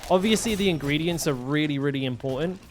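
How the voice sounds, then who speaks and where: Rambling man, slightly high voice. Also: quick pace, slight background noise. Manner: rambling, swears freely, lots of fillers and restarts. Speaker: streamer. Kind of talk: casual storytelling while gaming.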